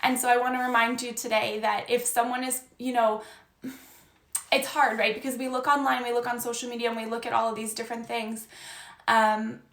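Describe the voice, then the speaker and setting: A woman's voice: fairly high pitch, level tone, fairly quick, a bit bright. A young woman, a life coach, giving an earnest, encouraging message on a live stream. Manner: earnest and encouraging, reading viewer comments aloud. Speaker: life coach and podcast host. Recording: echoey room.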